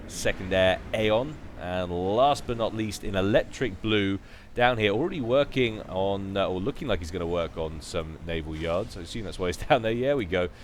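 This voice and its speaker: A man commentating a strategy match in a relaxed, chatty way. His voice sits a bit low, and he drops in joking asides between the calls. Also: a little hiss or hum. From United Kingdom. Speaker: game commentator. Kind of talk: casual play-by-play commentary.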